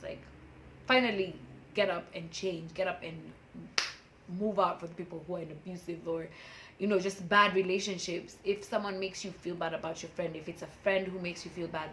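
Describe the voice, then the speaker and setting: Candid, emotional woman vlogger, low voice. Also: vocal fry, fairly bright tone, slight background noise, poor audio. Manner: candid and emotional, with frequent laughs. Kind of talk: personal motivational vlog.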